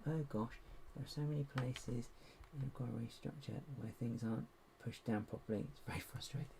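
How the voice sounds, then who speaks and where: A man's voice: medium pitch, brisk, vocal fry, background noise. A man chatting casually while building with LEGO, muttering to himself as he sorts bricks, his voice going cracky. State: voice going cracky, needs a drink. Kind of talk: casual live build commentary.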